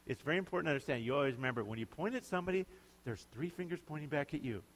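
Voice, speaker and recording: Conversational pastor in a reverberant hall. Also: male voice, a little high, expressive, racing. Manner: conversational, emphatic, asks the congregation questions. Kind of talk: sermon.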